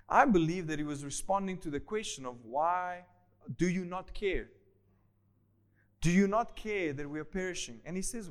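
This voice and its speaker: High-voiced animated male preacher. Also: normal speed. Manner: animated, acts out voices of the disciples and Jesus; swings between loud emphatic bursts and quiet asides. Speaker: pastor. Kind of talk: sermon.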